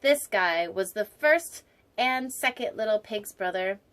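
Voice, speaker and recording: A woman's voice: mid-range voice, expressive, a little slow, fairly bright tone, smooth. A woman hosting a storytime show, reading a picture book aloud and breaking off for playful, digressive jokes, sometimes dropping to a whisper for an aside. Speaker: storytime host.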